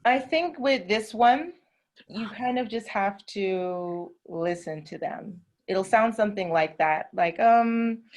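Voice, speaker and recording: A woman with a Southern American accent, teaching an English class over a video call and explaining patiently with drawn-out words. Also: mid-range voice. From southern United States. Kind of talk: online class instruction.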